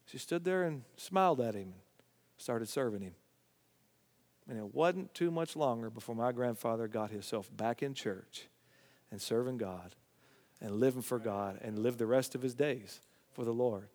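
A middle-aged man, telling a family story and preaching in a folksy way, sometimes dropping to a hushed voice. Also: medium pitch, normal speed, big-room sound. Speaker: Bible teacher. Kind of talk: preaching Bible study.

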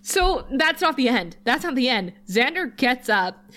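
A woman's voice: high voice, big pitch swings, a little slow, a bit bright. Laughing, exasperated woman co-host. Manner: laughs often, exasperated, swears casually. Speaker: podcast co-host. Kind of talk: casual episode recap chat.

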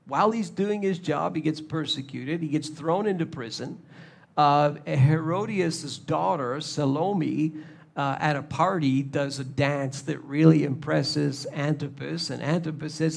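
Gravelly-voiced preacher. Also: male voice, fairly high pitch, measured pace. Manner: animated, acts out little scenes in shifting voices. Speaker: pastor. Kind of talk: sermon.

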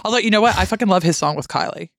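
A woman guest on a podcast, chatting casually and ranting with lively, sweary indignation. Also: medium pitch, racing, no room sound, clean studio sound. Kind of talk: casual chat.

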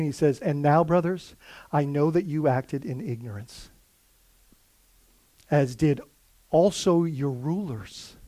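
A man preaches in a fairly high voice, earnest and chatty, often restarting his sentences. The sound is dry and close, with no room echo. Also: warm tone. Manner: earnest, conversational preaching with many fillers and restarts. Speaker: pastor. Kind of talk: sermon.

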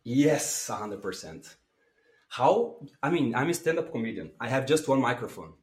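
Guy coaching on public speaking, lively, plays with his voice, middle pitch, echoey room. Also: moderate pace. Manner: lively, demonstrates voice changes, non-native phrasing. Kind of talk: animated interview talk. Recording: roomy echo.

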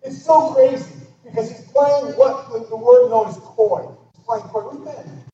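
A man preaching a sermon with great emphasis, swinging from loud exclamations to hushed near-whispers. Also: extremely high pitch, normal speed. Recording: echoey hall, distant dull mic with noise.

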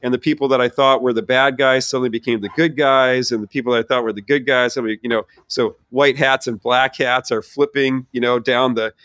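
A middle-aged man, a theology professor, telling his personal faith story in an earnest, animated way with many restarts. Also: medium pitch, fairly quick, few pauses, no room sound. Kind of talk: conversational personal testimony.

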